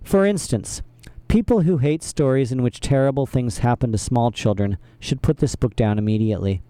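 A man reads a children's novel aloud in a wry, expressive way. His voice has a warm, mellow tone. The recording is dry and close to the mic. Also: mid-range voice, moderate pace, clear, resonant tone, dry recording. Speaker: reader. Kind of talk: reading a children's book aloud.

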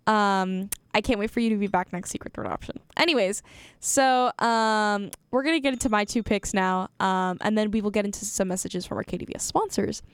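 A woman's voice: mid-range voice, fairly quick, clean tone, dry recording. A young woman hosting a college radio show, chatty and giggly, correcting herself as she goes. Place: radio studio.

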